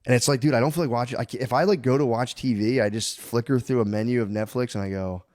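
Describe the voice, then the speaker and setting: A man's voice: mid-range voice, fairly even intonation, fast, darkish tone, dry recording, studio quality. A man in his thirties co-hosting a podcast, chatting casually and swearing, telling stories with bursts of acted voices. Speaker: podcast co-host. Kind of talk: casual chat.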